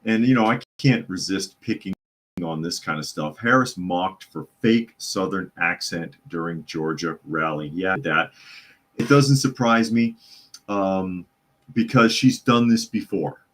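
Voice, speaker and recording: Low-voiced man hosting a casual news podcast. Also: a little slow, fairly bright tone. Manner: casual, sarcastic, chatty asides. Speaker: podcast host. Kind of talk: live news commentary podcast. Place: hot home room with a loud computer fan.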